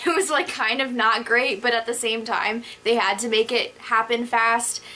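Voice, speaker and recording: A young woman chatting casually about a film she just saw, giggly and quick to restart her sentences. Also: a little high, steady tone, sharp tone. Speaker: book vlogger. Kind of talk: casual chat.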